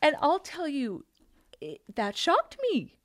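Woman, slow unhurried delivery, earnest faith testimony, drops to a hush at times. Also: high voice, big pitch swings. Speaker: guest sharing her story.

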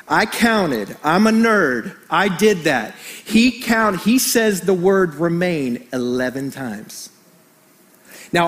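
Middle-aged pastor guy preaching, really high voice, lively and jokey, tells stories. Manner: animated, storytelling, jokes with the congregation. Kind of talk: sermon.

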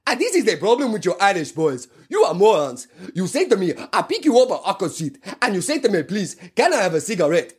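A man's voice: high voice, very animated, brisk, hardly any pauses, slightly rough, pitched above the performer's own voice, heavily acted. A man voicing a brusque Nigerian taxi driver who lectures his passengers, in a Nigerian pidgin English accent. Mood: scolding. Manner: stern, lecturing, exasperated.

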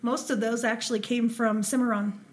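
A woman's voice: fairly high pitch, level tone, normal speed. A woman from Ohio, co-hosting a podcast and telling paranormal stories in casual chat, with frequent ums. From Ohio, USA. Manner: chatty storyteller with frequent ums and laughs. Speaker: podcast co-host.

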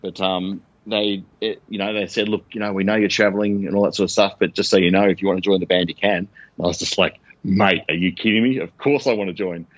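A middle-aged man with an Australian accent and a very deep, low voice tells long, rambling anecdotes, breaking into quoted voices along the way. The sound is dry and close, with a slightly muffled, lo-fi edge. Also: level tone, fast talker, hardly any pauses, no room sound. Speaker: guest. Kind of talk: casual storytelling interview.

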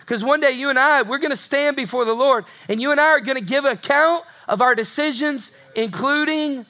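A man's voice: very high-pitched, brisk, sharp tone. A man preaching a sermon as pastor, emphatic, repeating phrases for effect and acting out the voices of people in the story.

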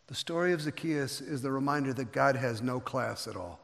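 An older man preaching a sermon as pastor, telling the story with animated, folksy asides and acting out the characters. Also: medium pitch, normal speed, creaky, few pauses. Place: church sanctuary. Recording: long reverb of a large hall.

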